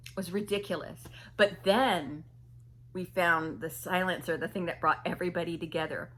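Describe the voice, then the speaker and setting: A woman's voice: on the low side, moderate pace, a bit bright, husky. A woman vlogger telling a story casually and animatedly, imitating people and laughing often.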